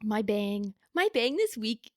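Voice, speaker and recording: A woman's voice: a little high, slow pace, dry recording, studio quality. A woman co-hosting a casual chat show, telling stories with a lot of laughter. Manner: lively storyteller who breaks into laughter. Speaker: podcast co-host.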